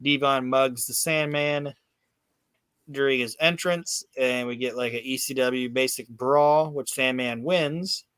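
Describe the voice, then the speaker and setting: A man chatting loosely about a wrestling show, drifting through filler words and restarts while he swears his way through the story. His voice sits at an ordinary pitch and sounds dry and close, with almost no room around it. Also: a little slow, clear, resonant tone, no room sound. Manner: rambling, profane, animated storytelling with many fillers. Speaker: podcast host recapping wrestling. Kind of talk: casual chat.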